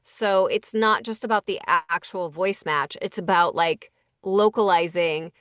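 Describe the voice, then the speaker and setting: A woman's voice: on the low side, a little slow, fairly bright tone, smooth, dry recording, studio quality. A woman who works as a voice director and casting associate, talking casually in an interview and thinking aloud with lots of fillers. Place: Los Angeles.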